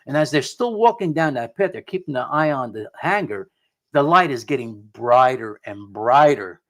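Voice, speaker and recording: A man's voice: medium pitch, lively intonation, moderate pace, fairly bright tone. A middle-aged man, a paranormal investigator guest, telling a story in a rambling way, often repeating and restarting his words. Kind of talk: conversational storytelling.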